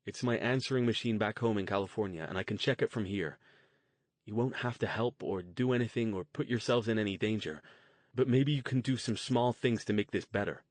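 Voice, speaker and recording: A man's voice: fairly low pitch, brisk, no echo, lightly acted. Man doing an earnest eager young guy. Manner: earnest, pleading, casual.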